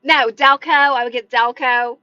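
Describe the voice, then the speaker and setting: High-pitched and steady, she speaks at normal speed while hosting a casual livestream as a manifestation coach. Answering comments, she's chatty and encouraging, full of "like," and animated with her hands. The phone mic yields lo-fi sound with no room noise.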